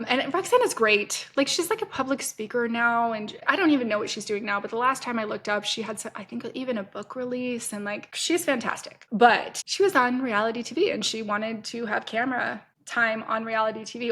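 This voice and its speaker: A woman's voice: on the high side, a bit bright. A woman in her fifties hosting a podcast, telling a story bluntly in a casual, profane, self-interrupting monologue. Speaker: podcast host.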